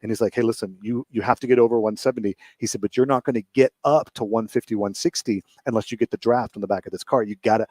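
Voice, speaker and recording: Man, radio host, quick casual storytelling, lowish voice, dry studio sound. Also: dry recording. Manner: animated storyteller, laughs often.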